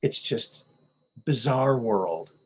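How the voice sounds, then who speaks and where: A man hosting his own podcast, reacting to memes in an unhurried, drawn-out way. He sounds sarcastic and scoffing and says things twice for effect. His voice sits at an ordinary middle pitch for a man. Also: lively intonation, husky. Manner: sarcastic, scoffing, repeats himself. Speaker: podcast host. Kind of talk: casual commentary on memes.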